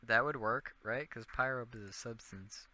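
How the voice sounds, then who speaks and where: A man's voice: mid-range voice, moderate pace, bright, forceful tone, slight background noise. A young man rambling and joking as a radio DJ in casual chat, often trailing off into mumbled asides.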